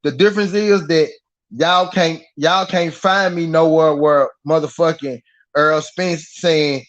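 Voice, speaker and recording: A man's voice: a little high, unhurried. Ranting man on a dull lo-fi stream. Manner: animated, profane, repeats himself for emphasis. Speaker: boxing podcast host. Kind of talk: heated live-stream rant. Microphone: live-stream mic.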